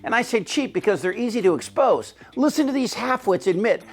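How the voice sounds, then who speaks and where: A man's voice: sits high, animated, brisk. A man hosting a political commentary show, delivering a scripted, biting, sarcastic monologue.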